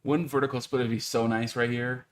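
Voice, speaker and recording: A man's voice: mid-range voice, level tone, fairly quick, a little hiss or hum. A man co-hosting a game stream, reading viewer comments aloud and giving building tips in casual chat.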